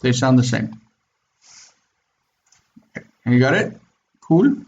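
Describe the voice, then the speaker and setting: A man's voice: mid-range voice, sing-song, slow, a little mellow, highs cut off. A man teaching Biblical Hebrew in an online class, explaining step by step and checking in with his students. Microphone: video call.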